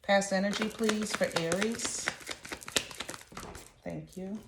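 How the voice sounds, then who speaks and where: A woman's voice: mid-range voice, slow pace, heavy background noise. A woman giving a casual tarot reading in a chatty, slangy, emphatic way. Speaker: tarot reader. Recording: roomy echo.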